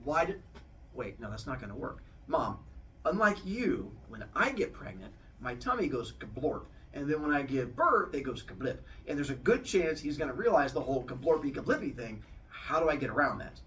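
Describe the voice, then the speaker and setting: A man's voice: mid-range voice, big pitch swings, normal speed, fairly bright tone, distant mic, a little hiss or hum. A man voicing a flustered young goddess mother, exasperated and incredulous.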